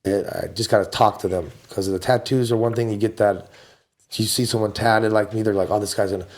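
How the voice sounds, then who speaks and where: A man in his forties from the United States, a podcast guest telling wild stories in relaxed slang. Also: fairly quick. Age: 40s. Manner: animated storyteller, jumps up high for quoted voices; laid-back slangy talk. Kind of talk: casual storytelling.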